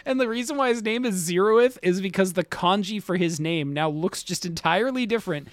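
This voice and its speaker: Giggly higher-voiced man recapping an anime. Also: fairly quick, no room sound. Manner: laughing, rambling, full of "like" fillers. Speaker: podcast co-host. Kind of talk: casual chat.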